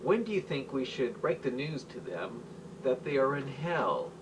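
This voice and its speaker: A sly horned demon asks slowly, as if sharing a secret, voiced by a man. The pitch stays near the middle of a man's range. The tape carries a faint hiss, and the speaker sits well back from the mic. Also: very animated, far from the mic, rough recording. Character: sly horned male demon with glowing eyes.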